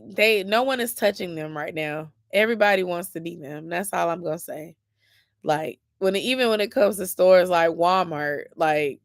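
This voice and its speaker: A woman's voice: fairly low pitch, dry recording, studio quality. A young woman, chatting casually and a bit sleepily with viewers in a rambling, informal way. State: sleepy, yawning. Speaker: lifestyle vlogger. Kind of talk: casual late-night chat with viewers.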